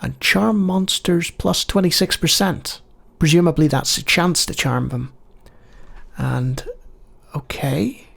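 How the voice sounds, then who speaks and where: A man's voice: fairly high pitch, slow, gravelly, a bit bright. A man playing an old computer game, reading its text aloud and adding dry, wry asides in casual commentary. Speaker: game show host.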